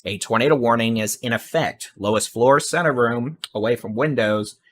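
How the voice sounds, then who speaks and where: A man giving fast, urgent live severe weather warnings and repeating safety instructions. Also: mid-range voice. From Texas.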